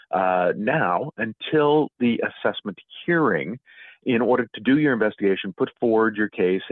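A middle-aged man, a guest author, explaining property appeals in a measured way with frequent fillers, calling in to a talk show. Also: fairly low pitch, no echo. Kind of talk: radio talk show interview. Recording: tinny phone line.

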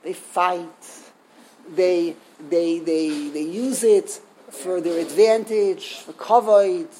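A man's voice: high voice, fairly even intonation, takes it slowly, dark tone, poor audio. A man, a rabbi, giving a Torah sermon, asking rhetorical questions and often repeating and restarting his words.

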